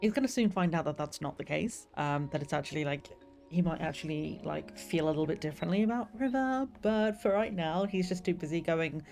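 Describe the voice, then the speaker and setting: A woman's voice: sits low, lively intonation, a little fast, vocal fry, darkish tone. A young woman streamer chatting casually and rambling about the novel she is writing, with lots of fillers. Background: faint lofi music.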